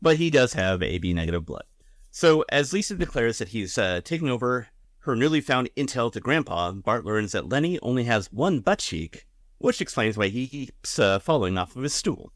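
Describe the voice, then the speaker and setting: Brief: male podcast co-host, lively pitch, dry close mic, halting jokey delivery. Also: dry recording. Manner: hesitant, with restarts and a dry, joking tone. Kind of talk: casual chat.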